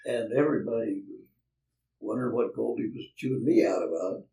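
A man's voice: on the low side, a little fast, vocal fry, dark tone. An older man, a land developer being interviewed, tells folksy anecdotes and chuckles as he acts out the people in them. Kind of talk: anecdotal storytelling. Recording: roomy, distant from mic.

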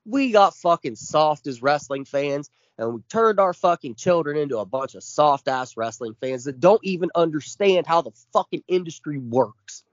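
A man's voice: fairly high pitch, lively intonation, normal speed, few pauses, no room sound, muffled recording. A man in his forties co-hosting a podcast, ranting with constant swearing and heavy emphasis. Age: 40s. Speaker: podcast co-host. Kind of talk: casual chat.

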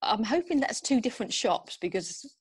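A woman co-hosting a podcast, chatting thoughtfully with many pauses. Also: on the high side, very animated, heavy background noise. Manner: thoughtful, hesitant with fillers. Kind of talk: casual chat.

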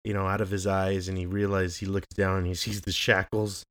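A man's voice: low voice, level tone, a little fast, a bit bright. A man co-hosting a podcast, talking casually with blunt, crude humor. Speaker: podcast co-host. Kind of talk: casual chat.

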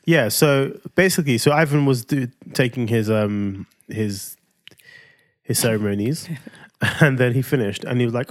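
A man co-hosts a relaxed podcast, chatting about family life and acting out his young son's questions. His voice sits mid-pitch and is recorded dry and close. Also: moderate pace, dry recording. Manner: playful storytelling, acts out his son's lines. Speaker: podcast co-host. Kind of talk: casual chat.

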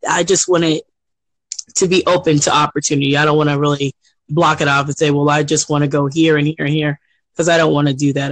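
Flat-voiced man, dry close sound. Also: a little high, no echo, low-quality recording. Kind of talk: casual chat.

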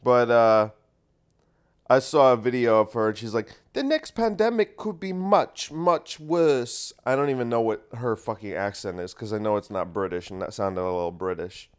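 A man's voice: on the low side, steady tone, fairly quick, smooth. A man hosting a solo podcast, talking in a rambling, profane and sarcastic way while congested. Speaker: podcast host.

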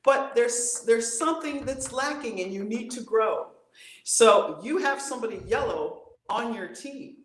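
A woman voice coach on a video call, talking in a playful, animated way and acting out voices. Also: unhurried, reverberant. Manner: playful, acts out voices, swings pitch widely. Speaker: voice coach guest.

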